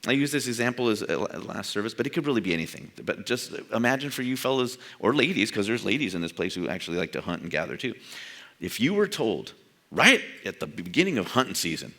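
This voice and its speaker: A man's voice: on the low side, sing-song, fast talker, pushed and bright. An older man from San Jose preaching a sermon in a conversational way, acting out quoted dialogue and chuckling at his own asides. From San Jose, California. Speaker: pastor.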